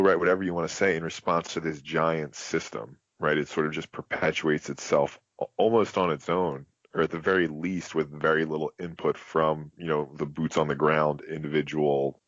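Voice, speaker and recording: A man with a very deep voice co-hosts a podcast. He lectures in a halting way, full of fillers, and the sound is dry and dull. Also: a bit bright, no echo. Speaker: podcast co-host. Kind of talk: casual podcast discussion.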